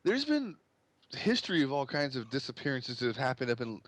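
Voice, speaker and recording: A man voicing a stern, gruff, middle-aged father who guards his daughter and talks defensively. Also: medium pitch, big pitch swings, brisk, fairly bright tone, no echo, voice pushed up. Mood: agitated. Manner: defensive, agitated.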